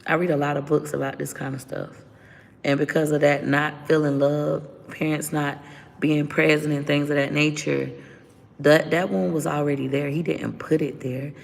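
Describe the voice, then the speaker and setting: A woman's voice: low voice, level tone, normal speed, gravelly, long reverb tail. A woman around forty telling a candid personal story as a vlogger, blunt, profane and unfiltered.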